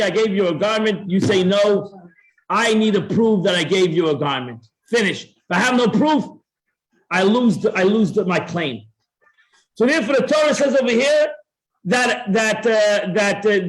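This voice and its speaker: Guy teaching a torah class, kinda high voice, acts out both sides, lots of restarts. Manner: repeats words and restarts often. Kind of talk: classroom Talmud lesson.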